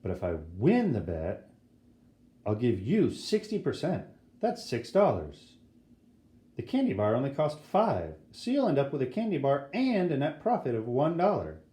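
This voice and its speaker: A man's voice: mid-range voice, wildly swooping pitch, moderate pace, dark tone. A man doing a brash, dramatic schoolboy. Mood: cocky. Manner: indignant, dramatic, cocky. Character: brash, excitable eleven-year-old boy. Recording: roomy echo.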